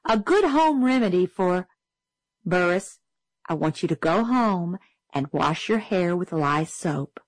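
A woman's voice: on the low side, animated, slow pace, no echo, low-quality recording. A woman voicing a flustered young schoolteacher in a storybook reading, prim and anxious.

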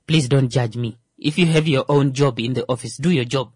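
A man's voice: mid-range voice, brisk, darkish tone, breathy edge, no echo. A man with a Namibian accent hosting his own show, reading an article aloud with joking asides and stumbling over the words. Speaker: show host. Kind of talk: solo commentary reading a news article.

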